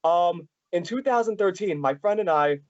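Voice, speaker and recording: A man hosting a casual fan interview, talking in a rambling, halting way with many restarts. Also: high voice, lively intonation, dry recording, lo-fi sound. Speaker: podcast host.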